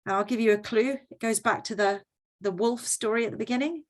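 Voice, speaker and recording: A woman's voice: fairly high pitch, a little fast. A woman presenting a workshop in a conversational teaching style, often checking in with her audience.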